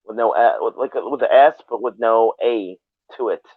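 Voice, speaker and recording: A man's voice: medium pitch, normal speed, husky, no echo. A man hosting a live stream, chatting casually in a rambling, profane way with many restarts. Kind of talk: casual chat. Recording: tinny phone-like line.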